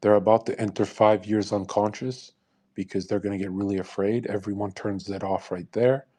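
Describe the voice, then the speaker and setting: A man's voice: fairly low pitch, steady tone, normal speed, warm tone. A young man in his twenties hosting a live audio room, talking in a crude, combative and boastful way. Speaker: livestream host.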